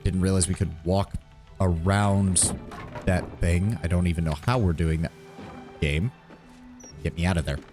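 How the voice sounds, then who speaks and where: A man's voice: sits low, a little slow, long pauses. A man giving casual, rambling commentary while playing a game and thinking aloud. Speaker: streamer. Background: game music.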